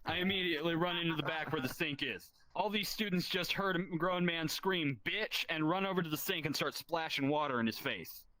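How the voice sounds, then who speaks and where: A man telling a self-deprecating stand-up story in a deadpan, profane way. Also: a little high, brisk, hardly any pauses, no room sound. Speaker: stand-up comedian.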